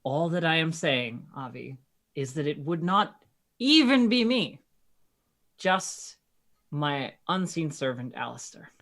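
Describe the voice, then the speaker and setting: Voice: medium pitch, expressive, slow pace, a bit bright. A player voicing an eager, polite adventurer in a tabletop game, hesitant and hedging.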